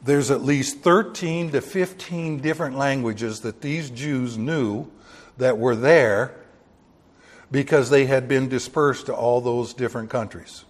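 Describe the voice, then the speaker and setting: A man delivers a Bible sermon in church, folksy and joking, punching key words with sudden emphasis. His mid-pitched voice rings out with a long hall reverb. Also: measured pace. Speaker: preacher.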